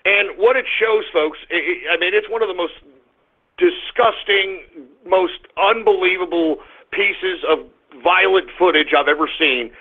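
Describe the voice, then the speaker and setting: A high-voiced man holds forth on his talk radio show, ranting and cursing and now and then breaking into loud outbursts. His voice comes through thin and tinny, like a phone line. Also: unhurried. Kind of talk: call-in talk radio monologue.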